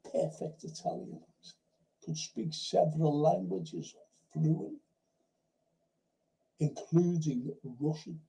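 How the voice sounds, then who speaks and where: A man's voice: a little high, fairly even intonation, slow pace, creaky, pauses often, mellow, poor audio. A man hosting a film and TV review livestream, telling rambling anecdotes in casual chat, swearing now and then and often restarting his sentences. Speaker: host of a film and TV review show.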